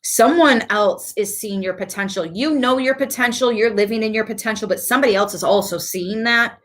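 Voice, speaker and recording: A woman talks through a tarot reading in a relaxed, chatty way. She laughs easily and drifts into lively asides. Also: on the high side, a little fast. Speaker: tarot reader. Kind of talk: casual tarot reading to camera.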